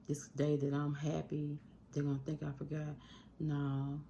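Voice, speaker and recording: Low gravelly woman talking into her phone. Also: completely flat delivery, warm tone, dull audio, a little hiss or hum. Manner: earnest, rambling, slows and speeds up often. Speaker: YouTube channel host. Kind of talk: emotional talk to camera about grief. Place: at home indoors. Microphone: phone mic.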